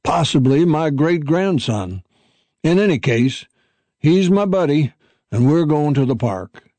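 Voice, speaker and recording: A man's voice: fairly high pitch, expressive, a little slow, mellow, no room sound, voice pushed up. A man voicing a formal, self-assured old male dog who speaks in stately, old-fashioned phrases. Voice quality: pompous, old-fashioned diction.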